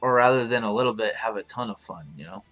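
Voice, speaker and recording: A man hosting a live stream in casual chat, hoarse and rambling, swearing freely as he answers his viewers. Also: on the low side, fast, fairly bright tone, soft background music.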